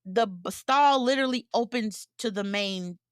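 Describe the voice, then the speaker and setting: A woman co-hosting a podcast, telling a story in casual chat, animated and laughing as she acts out what people said. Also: mid-range voice, normal speed, smooth, no room sound, clean studio sound. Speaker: podcast co-host.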